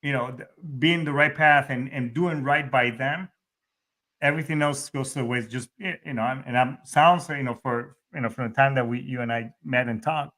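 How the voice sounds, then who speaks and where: Middle-aged guy host, sharp bright voice, cusses constantly, keeps restarting sentences. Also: mid-range voice, moderate pace. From Hispanic background. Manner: profane, rambling, frequent restarts. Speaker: podcast host. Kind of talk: casual podcast chat.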